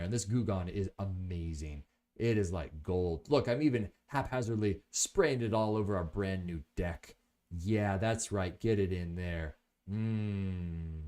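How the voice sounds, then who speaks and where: A man's voice: fairly low pitch, darkish tone. A man casually reviewing products in a chatty, joking way.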